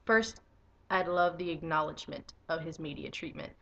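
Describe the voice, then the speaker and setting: A young woman giving a casual video review of a comic book, excitable and swearing freely, breaking into enthusiastic squeals. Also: sits low, normal speed, gravelly, dull audio.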